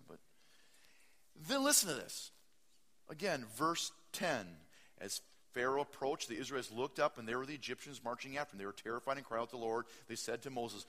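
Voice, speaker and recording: A man preaching a sermon. He reads scripture aloud, stops to comment, and swings between loud bursts and hushed asides. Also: mid-range voice, sing-song, a little fast, long reverb tail. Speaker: pastor.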